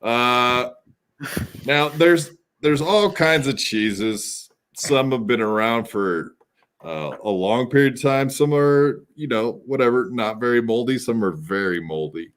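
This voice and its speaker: A man's voice: mid-range voice, expressive, takes it slowly, a bit bright, a little hiss or hum. A man hosting a podcast in casual chat, joking and teasing his co-hosts. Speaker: podcast host.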